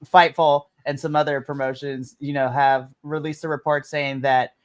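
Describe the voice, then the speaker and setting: Laughing podcast host recapping news. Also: male voice, fairly high pitch, little pitch movement, moderate pace. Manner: recaps news with laughs and fillers, hands turns to others. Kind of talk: casual wrestling podcast chat. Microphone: remote stream mic.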